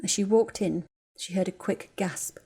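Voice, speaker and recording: A female narrator reading a story aloud in a steady, measured manner at a middling pitch. The delivery is plain audiobook storytelling. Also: slightly rough.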